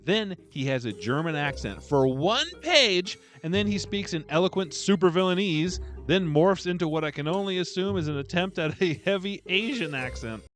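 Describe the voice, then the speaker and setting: A man's voice: high voice, expressive, normal speed, few pauses, fairly bright tone, soft background music. A man hosting his own book review channel, delivering a scripted, wry and mocking critique.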